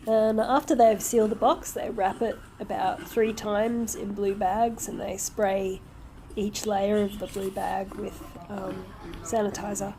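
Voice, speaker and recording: A woman's voice: mid-range voice, flat delivery, measured pace, mellow, slight background noise. Woman travel vlogger, voice a bit sick, practical and wry. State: sick-sounding voice. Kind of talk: informative travel vlog.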